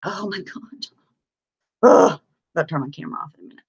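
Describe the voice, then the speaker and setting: A woman's voice: fairly low pitch, brisk, vocal fry, husky, highs cut off. Woman live-streamer, worn out, loose and chatty; greets the chat by name, laughs often. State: tired.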